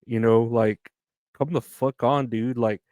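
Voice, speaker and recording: A man's voice: medium pitch, steady tone, unhurried, a little mellow, no echo. A man hosting a solo podcast from the United States, rambling and profane, tired and yawning as he talks. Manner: rambling, profane, self-mocking. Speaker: podcast host. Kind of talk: casual solo podcast rant.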